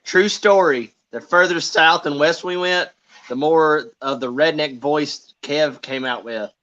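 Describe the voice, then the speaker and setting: A man's voice: on the high side, measured pace, sharp tone, dull audio. A man chiming in eagerly during a casual podcast chat.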